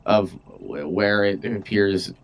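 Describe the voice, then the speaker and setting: A man's voice: lowish voice, takes it slowly. A man playing in a tabletop game, giving short, hesitant replies. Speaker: player.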